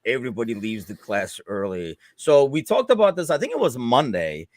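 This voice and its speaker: A man's voice: medium pitch, sing-song, fairly quick, darkish tone, no echo. Casual American male host, conversational and sarcastic, dry close-mic sound. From United States. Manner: conversational, sarcastic, laughs easily. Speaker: podcast host. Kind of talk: casual football chat.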